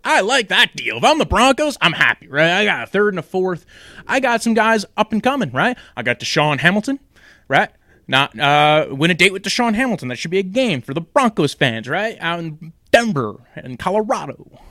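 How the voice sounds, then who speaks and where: A man's voice: sits high, fairly bright tone, no room sound, clean studio sound. A young man hosting a casual fantasy football talk show, rambling and jokey with lots of fillers and tangents. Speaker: sports podcast host.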